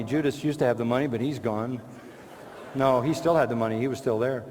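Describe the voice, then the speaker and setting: A man's voice: medium pitch, a little fast, a little mellow, a little hiss or hum. A man preaching a sermon, emphatic and rhetorical, answering imagined objections with short, repeated phrases. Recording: long reverb of a large hall.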